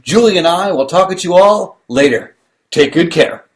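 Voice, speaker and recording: A man's voice: high voice, lively intonation, normal speed. A man hosting a podcast, telling stories in a rambling, casual way with many restarts. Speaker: podcast host. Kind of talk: casual chat.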